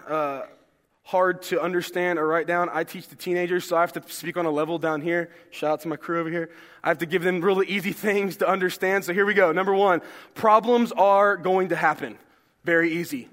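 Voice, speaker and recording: A young male pastor preaching a sermon in a church, talking in a relaxed, joking way and asking the congregation questions. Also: sits high, moderate pace. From American South. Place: church sanctuary. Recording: long hall reverb.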